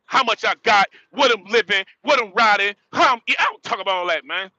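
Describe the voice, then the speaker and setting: A man's voice: high voice, expressive, fast, sharp tone, lo-fi sound, slight background noise. A man ranting bluntly on a live stream, repeating himself and ending phrases with "man". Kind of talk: casual live-stream rant.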